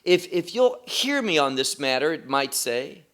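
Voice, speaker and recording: A man teaching the Bible verse by verse in a measured way, often stopping to rephrase and explain terms. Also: fairly high pitch, big pitch swings, a bit bright. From Israel.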